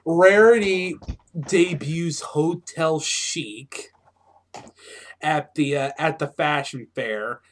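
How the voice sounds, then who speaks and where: A man's voice: on the high side, very slow, a little hiss or hum. A man from California co-hosting a casual cartoon review chat, full of joking, wisecracking asides. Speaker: co-host.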